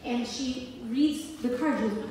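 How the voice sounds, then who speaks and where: A woman's voice: on the high side, unhurried, vocal fry. A young woman from the Bronx talking casually to a crowd at a rally, chatty and full of "like" and restarts. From Bronx, New York, USA. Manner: chatty, heavy use of "like", frequent restarts, laughs easily. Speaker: political candidate speaking at a rally. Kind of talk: casual off-the-cuff speech. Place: indoor event space with a crowd. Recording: echoey hall from far off, loud crowd noise.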